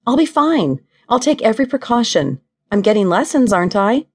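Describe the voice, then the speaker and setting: A determined young woman, quietly grieving but resolved, as a woman narrator puts her on. She speaks earnestly and reassuringly in an audiobook. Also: a little high, big pitch swings, a little fast, husky, voice pushed up.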